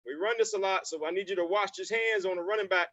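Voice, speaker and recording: Energetic high-voiced football coach. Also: male voice, fast, highs cut off. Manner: energetic, repetitive, addresses players as family. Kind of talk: virtual coaching session.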